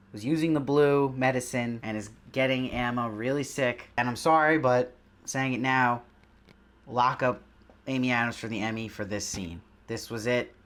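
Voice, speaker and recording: A man's voice: medium pitch, fairly bright tone. A man hosting his own show, giving a casual, enthusiastic spoken review of a TV episode and putting questions to his audience.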